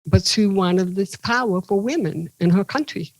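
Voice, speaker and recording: A woman comedian and motivational speaker, a guest in an interview, telling animated stories with playful jokes. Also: medium pitch, normal speed, dry recording, low-quality recording. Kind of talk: casual interview storytelling.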